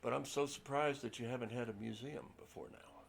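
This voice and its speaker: A man in the audience at a library event, making earnest, measured remarks and slowing down to stress his points. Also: medium pitch, steady tone, gravelly, a little hiss or hum. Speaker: audience member commenting. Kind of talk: casual reflective remarks. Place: public library event room.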